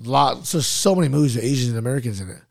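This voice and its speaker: Podcast host, male, gravelly edge, loose rambling talk, dry close mic. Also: medium pitch, expressive, fast talker, a little mellow, no room sound. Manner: loose, rambling, swearing, says "like" a lot. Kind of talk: casual podcast chat.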